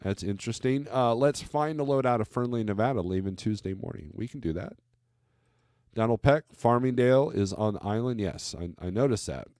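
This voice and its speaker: A man's voice: medium pitch, lively intonation, fairly quick, a little mellow, clean tone, no room sound, studio quality. A man hosting a casual livestream as a trucker, rambling through freight loads, reading viewer comments aloud and tossing in wry asides.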